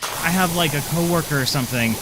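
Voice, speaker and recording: Talking quickly in a fairly high voice, this streamer rambles to his viewers in a self-deprecating way as he plays a game. Background noise can be heard throughout the casual live-stream chat.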